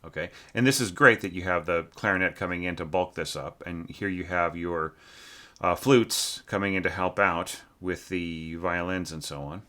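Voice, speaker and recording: A man with a low voice and a sharp tone critiques a score casually while teaching orchestration. His speech is halting and filler-heavy, and he sings phrases to demonstrate.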